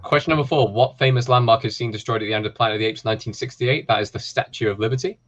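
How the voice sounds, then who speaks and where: A man hosting a film quiz, reading questions and answers with relaxed, chatty asides. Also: medium pitch, rapid-fire, lo-fi sound. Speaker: quiz host.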